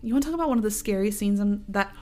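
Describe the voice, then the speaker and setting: A woman's voice: mid-range voice, very fast. A woman hosting a casual chat, telling stories animatedly with lots of fillers. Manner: animated storyteller, many fillers.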